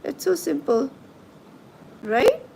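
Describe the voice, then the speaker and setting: Slow, soothing woman livestream host. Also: sits high, very animated, vocal fry, a little hiss or hum, poor audio. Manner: soothing, reassuring, slow and gentle. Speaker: tarot reader and coach hosting a livestream. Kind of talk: live stream chat reading viewer comments.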